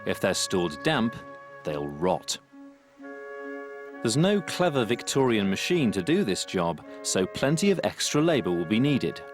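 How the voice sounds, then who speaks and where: A man reading a scripted documentary voice-over in a measured way. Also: on the low side, sing-song. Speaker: documentary narrator. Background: background music.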